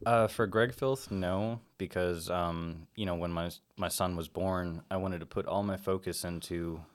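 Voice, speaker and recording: A man's voice: low-pitched, steady tone, a little slow. A young man, a black metal musician guest, chatting casually with lots of yeahs and loose swearing. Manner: laid-back, lots of yeahs and fillers, swears freely. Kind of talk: casual chat.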